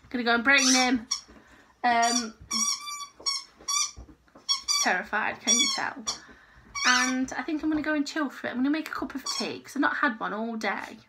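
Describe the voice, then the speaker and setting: A woman's voice: high-pitched, huge pitch swings, normal speed, very noisy. A woman chatting casually and rambling in a crochet vlog from her home. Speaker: crochet vlogger. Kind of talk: casual chat.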